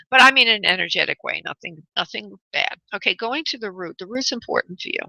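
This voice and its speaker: A woman's voice: medium pitch, expressive, brisk, gravelly, hardly any pauses, bright, forceful tone, dry recording, poor audio. A woman hosting a call-in radio show as a spirit medium, chatty and affectionate, laughing often.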